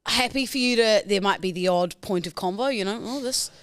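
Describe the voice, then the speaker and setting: A woman's voice: medium pitch, brisk, dry recording. A young woman from New Zealand co-hosting a podcast, chatting and giggling through casual banter. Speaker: podcast co-host.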